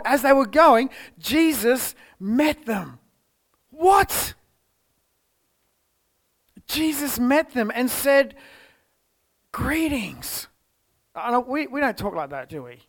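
A man with an Australian accent preaching a church sermon, telling the story expressively and moving between loud exclamations and hushed tones. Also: extremely high pitch. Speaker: pastor. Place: church service.

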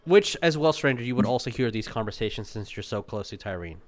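A man runs a tabletop game in a middle-pitched voice, describing scenes for his players. He talks in a halting way and fills his pauses with ums and uhs. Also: lively intonation. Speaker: game master.

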